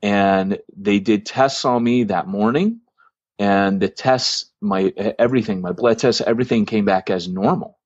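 A man with a fairly low voice tells a story from his church in a relaxed, rambling way, pausing often on ums and uhs. The recording is dry and a little dull, with no room sound. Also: dry recording. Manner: anecdotal, lots of fillers and restarts. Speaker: church planting podcast host. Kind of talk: casual storytelling.

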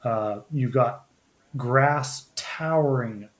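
Halting man chatting about games. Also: mid-range voice. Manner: halting, many restarts and fillers. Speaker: podcast host. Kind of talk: casual chat.

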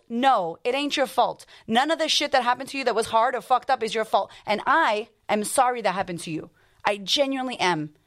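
A woman life coach hosting a motivational podcast, talking bluntly and emphatically with lots of swearing and rapid-fire rhetorical questions. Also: fairly high pitch.

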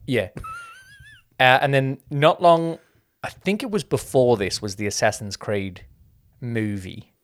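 A man's voice: mid-range voice, measured pace, pauses often. A man co-hosting a casual film review podcast, talking in a chatty way. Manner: chatty, quotes people in mock voices. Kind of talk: casual chat.

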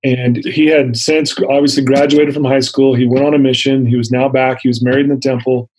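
A man's voice: mid-range voice, flat delivery, brisk, darkish tone, low-quality recording. A man in his fifties sharing his personal story as an interview guest, earnest and vivid, acting out the dialogue he quotes.

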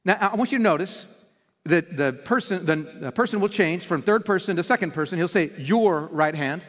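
Preacher, high voice, lively storyteller who repeats words, church hall echo. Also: male voice, a little fast. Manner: animated storytelling, restarts words. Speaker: pastor. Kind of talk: sermon.

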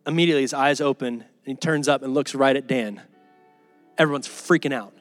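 A man's voice: mid-range voice, brisk, no room sound, faint music behind. A man preaching a sermon to his church in a casual, conversational way, acting out the people in his stories. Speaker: pastor.

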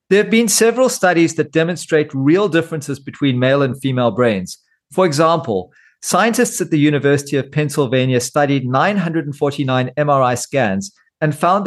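A middle-aged man hosting a scripted monologue, with dry, self-mocking humor. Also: fairly high pitch. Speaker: host.

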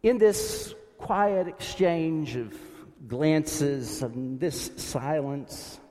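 A male preacher delivering a sermon from the pulpit at a slow, unhurried pace, his slightly high voice lingering in a church's long reverb. He speaks reflectively and lets his voice fall soft and low when he prays aloud. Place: church sanctuary behind a pulpit.

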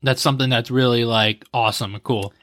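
A man in his thirties co-hosting a casual podcast, laid-back and teasing, quick to laugh, close to the mic. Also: mid-range voice, fairly even intonation, a bit bright, no echo. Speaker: podcast co-host guessing slang.

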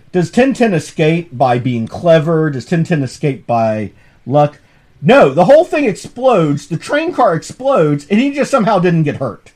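Animated man lecturing on comics. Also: a little high. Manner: animated, amused storytelling with frequent restarts. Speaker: professor hosting a comics course podcast. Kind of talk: casual lecture chat.

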